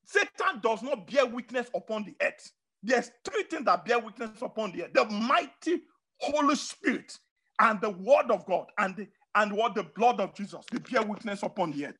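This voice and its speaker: A preacher giving a sermon, repeating words and phrases emphatically, with sudden swings of pitch and loudness. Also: expressive, normal speed.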